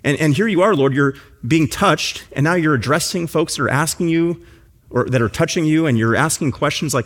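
A man's voice: a little high, fairly quick, a bit bright. A pastor preaching a sermon in church, building his points through earnest, emphatic repetition.

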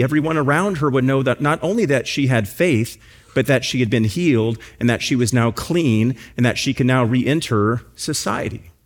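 A pastor preaching a sermon in church, building his points through earnest, emphatic repetition. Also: mid-range voice.

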